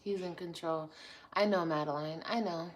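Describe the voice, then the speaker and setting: A woman's voice: fairly low pitch, moderate pace, slight background noise. A woman vlogger ranting on a livestream, blunt, profane and passionate, reading and answering viewer comments. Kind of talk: livestream rant.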